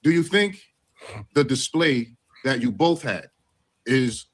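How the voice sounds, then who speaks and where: A man on a discussion panel, asking measured but pressing questions. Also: mid-range voice, animated.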